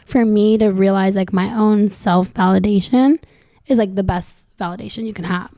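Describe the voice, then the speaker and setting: A woman's voice: medium pitch, fairly even intonation, moderate pace, dark tone. A young woman chatting as a podcast guest. She tells her story loosely and rambles, leaning on "like" over and over. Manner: rambling, fills every phrase with "like". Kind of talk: casual storytelling.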